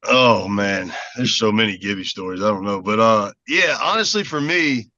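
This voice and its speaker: A man's voice: on the low side, lively intonation, moderate pace, pushed and bright, dry recording. Easygoing man on a lo-fi line. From South Carolina. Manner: easygoing, laughs often. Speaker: guest, former baseball player. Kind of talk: casual interview. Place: parked car at a park.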